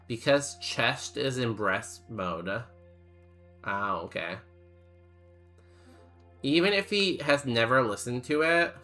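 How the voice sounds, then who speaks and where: A man's voice: medium pitch, animated, drawn-out words, pauses often, sharp tone, faint music behind. A young man streaming a game, chatting casually with his chat in a rambling, jokey way full of fillers. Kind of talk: casual chat while playing and reading chat.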